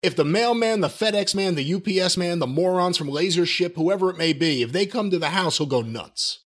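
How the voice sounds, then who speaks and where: A man's voice: high voice, lively intonation, fairly quick. A man co-hosting a podcast, wry and joking as he steers the casual chat between topics. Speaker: podcast co-host.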